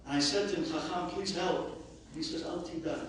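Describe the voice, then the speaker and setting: A man, a rabbi, giving an impassioned eulogy that swings between shouting and hushed speech. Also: on the high side, fairly even intonation, moderate pace, slight background noise. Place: large hall at a memorial gathering. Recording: very echoey hall, voice far from the mic.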